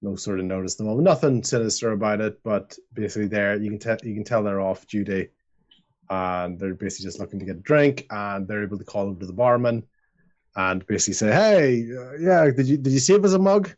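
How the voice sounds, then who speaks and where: A man's voice: lowish voice, steady tone, quick pace, lo-fi sound. A man narrating as game master of a tabletop game, rambling with lots of fillers.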